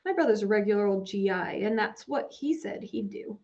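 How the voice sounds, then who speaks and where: A woman's voice: medium pitch, animated, moderate pace, a little mellow, lightly acted. A woman voicing a pushy schoolboy bully who uses a false, salesman-like friendliness, on a dull lo-fi recording. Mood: needling. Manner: wheedling salesman-like tone.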